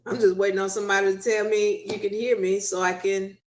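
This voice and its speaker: A woman hosts a live stream in an easy, chatty way, her voice sitting at a middle pitch. She keeps patiently asking her viewers whether they can hear her, and the sound rings with a noticeable room echo. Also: level tone, fairly quick.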